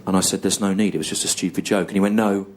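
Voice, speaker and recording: A man in his thirties with an English accent, telling a long story on stage in a slow, halting deadpan style full of pauses and repetition. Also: low-pitched, very noisy. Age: 30s. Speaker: stand-up comedian. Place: comedy venue on stage with audience laughter.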